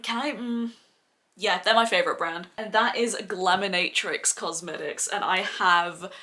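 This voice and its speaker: A woman, reviewing makeup in a casual, gushing vlog, sounding slightly hoarse and filling her talk with "like". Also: on the low side, fairly even intonation, moderate pace, pushed and bright. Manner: gushing, chatty, heavy use of "like" as filler. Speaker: beauty vlogger. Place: seated at home.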